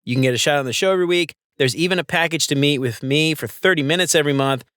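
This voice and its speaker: Reading an upbeat scripted outro, a podcast host plugs sponsors and talks straight to his listeners in a promotional tone. His voice is fairly high, fast, bright, clear and resonant, with clean, dry studio sound.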